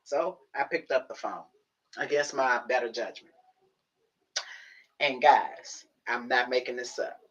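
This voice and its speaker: A woman livestreaming from her home office, telling a story to her viewers in a casual, animated way, acting out the conversations. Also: extremely low pitch, unhurried, pauses often, dull audio. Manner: animated, acts out conversations, talks to herself. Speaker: livestream host.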